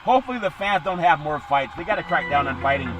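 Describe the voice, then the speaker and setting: A man hosting a casual sports podcast, rambling jokily through the weekend's football schedule with sudden loud bursts. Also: fairly high pitch, expressive, fast, lo-fi sound, music in the background.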